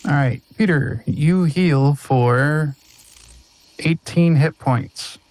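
A man's voice: a little high, drawn-out words, a little mellow, dry recording, poor audio. A man running a tabletop role-playing game as game master, narrating scenes and rulings in an easygoing way.

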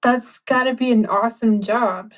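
A woman playing a tabletop game, excitable and joking in a rapid-fire way. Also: a little high, poor audio. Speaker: player. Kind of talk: casual chat at a tabletop game.

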